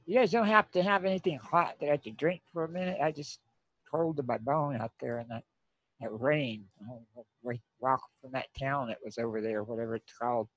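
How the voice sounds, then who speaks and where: A man's voice: mid-range voice, fairly quick, a bit bright, no room sound, natural voice. A man voicing a young, London-born boy laborer who is cold and polite, rambling a little, in a tabletop game. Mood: polite, chilled. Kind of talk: tabletop role-play voicing. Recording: dull lo-fi mic.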